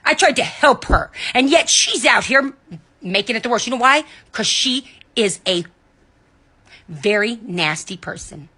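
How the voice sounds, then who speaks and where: A woman delivering a heated, indignant monologue, cussing and swinging between loud outbursts and low muttering, recorded at home in bed. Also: expressive, measured pace, husky. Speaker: vlogger. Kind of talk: angry ranting monologue.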